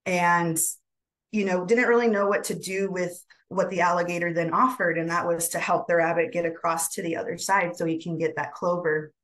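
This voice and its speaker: Gentle woman telling a folk tale. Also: on the low side, poor audio. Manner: gentle, unhurried, many fillers. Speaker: webinar presenter. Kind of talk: oral storytelling.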